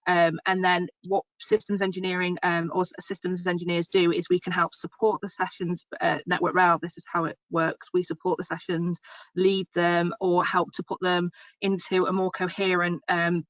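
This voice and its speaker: A woman's voice: lowish voice, a bit bright, dry recording. A woman presenter answering a question over a video call, explaining in a hesitant way with many ums. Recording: dull lo-fi call audio.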